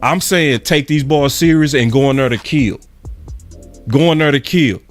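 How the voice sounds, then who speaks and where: A man with a slightly high voice talks at a moderate pace as soft music plays behind him. He hosts his own sports channel, giving a fired-up, slangy, preachy fan monologue that repeats its points emphatically.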